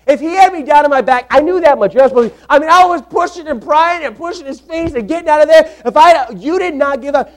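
Young male pastor, very high voice, animated sermon delivery that drops to a hush. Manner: animated preaching, swings from loud to hushed.

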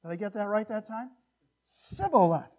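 Male pastor, fairly high voice, lively sermon delivery with jokey asides, swings from quiet to loud. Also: moderate pace. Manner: animated, joking asides, varies loudness widely. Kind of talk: expository sermon. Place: church.

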